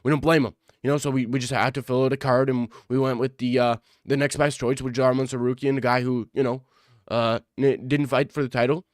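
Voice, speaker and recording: Man, streamer, casual chat with viewers, excitable, swears a lot, repeats phrases, dry close sound. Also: medium pitch, a little fast, no room sound.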